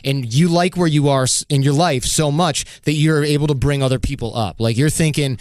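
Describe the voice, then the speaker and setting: Fast-talking man explaining on a podcast. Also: a little high, a little mellow, no echo, clean studio sound. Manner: explains at length, acting out little voices of other people. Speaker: podcast guest. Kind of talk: casual podcast conversation.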